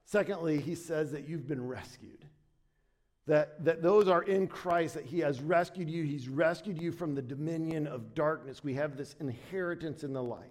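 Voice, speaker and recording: A man's voice: a little high, normal speed. A man preaching a sermon as pastor, talking conversationally with frequent restarts and emphatic rises. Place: church sanctuary.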